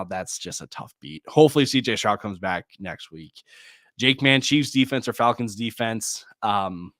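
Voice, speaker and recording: A man hosting a live fantasy football Q&A, reading viewer questions and giving quick start-or-sit answers, with frequent sighs. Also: lowish voice, fairly bright tone, dry recording, clean studio sound. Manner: rapid answers, reads viewer names and questions; distracted, sighs often. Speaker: fantasy football podcast host.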